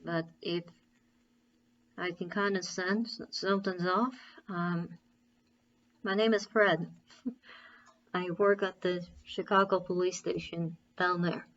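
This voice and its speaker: A woman's voice: fairly low pitch, lo-fi sound, close to an everyday voice. A woman voicing a caring, firm middle-aged male parole officer, earnestly pleading and repeating key phrases. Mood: gentle.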